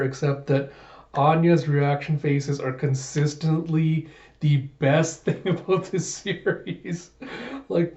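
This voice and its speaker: A man's voice: fairly high pitch, a little mellow, roomy sound, highs cut off. A man casually retelling and reviewing a comic chapter, enthusiastic and laughing often. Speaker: manga reviewer.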